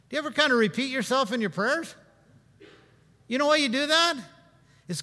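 A man preaching a sermon in a conversational, humorous way, swinging between loud and hushed. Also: very high-pitched, lively intonation, a little fast, pauses often, big-room sound.

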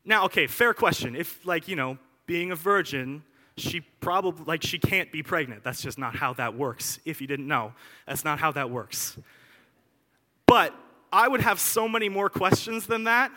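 A young man preaching a casual, conversational sermon, animated and chatty with plenty of asides. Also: on the high side, moderate pace. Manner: animated, chatty, lots of asides and filler words. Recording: long hall reverb.

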